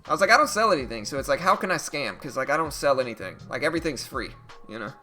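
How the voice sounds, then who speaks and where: A man hosting a casual day-trading live stream, reading market news and reacting to stocks in a chatty, animated way. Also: mid-range voice, fast talker, soft background music.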